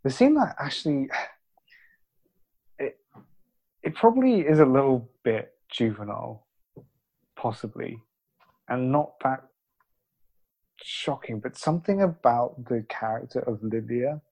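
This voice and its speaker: A man's voice: medium pitch, sing-song, slow pace, pauses often, darkish tone. A man hosting a casual podcast chat, playful and teasing, thinking aloud as he talks. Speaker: podcast host.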